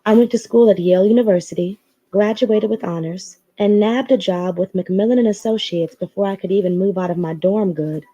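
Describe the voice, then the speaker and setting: Woman with a mellow reading voice. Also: mid-range voice, brisk, muffled recording. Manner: expressive storytelling, with her own asides. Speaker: story reader. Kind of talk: reading a novel aloud.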